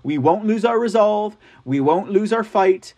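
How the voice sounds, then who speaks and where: A man's voice: sits high, lively intonation, a little slow, warm tone. A man hosting a live online news show, chatting casually and reading out viewer comments with frequent laughs. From Texas. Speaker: livestream news show host. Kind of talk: casual live-chat talk.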